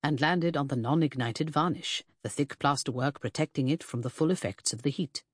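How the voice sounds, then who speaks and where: A woman's voice: low voice, normal speed, slightly rough, no echo, studio quality. A woman voicing a distressed young woman in an audiobook, speaking in an earnest, raised, tremulous way. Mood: explaining.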